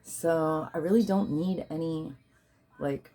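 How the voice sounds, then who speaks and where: A woman's voice: deep voice, fairly even intonation, slow, warm tone. A woman leading a guided healing session, chanting affirmations and commanding prayers, yawning at times. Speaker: spiritual healer and card reader.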